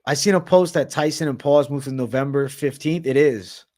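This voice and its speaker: A man's voice: mid-range voice, normal speed, darkish tone. A man hosting a livestream, casually answering chat with slang and frequent swearing. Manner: profane, slangy, reads and answers chat comments.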